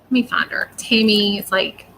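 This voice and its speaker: A woman's voice: medium pitch, steady tone, moderate pace, bright, forceful tone, a little hiss or hum, poor audio. A woman giving psychic readings on a livestream, chatty, rambling and often apologetic. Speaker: psychic reader.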